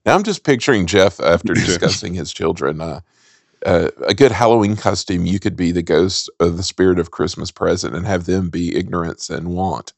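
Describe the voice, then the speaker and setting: A man co-hosting a film podcast, trading dry quips and recapping scenes in a measured way. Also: deep voice, vocal fry, no echo. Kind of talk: casual chat with scripted recaps.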